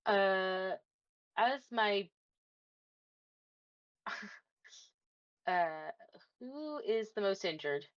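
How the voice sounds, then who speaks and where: A woman in a tabletop game reads out a spell slowly and hesitantly, full of fillers. Her dull, lo-fi mic takes the edge off her voice. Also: medium pitch, expressive. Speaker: player. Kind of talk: reading out a spell.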